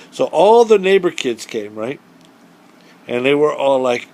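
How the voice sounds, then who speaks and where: A middle-aged man telling a true story to children in a lively, folksy way. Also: on the high side, moderate pace. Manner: animated, folksy, acts out the voices of the people in his story.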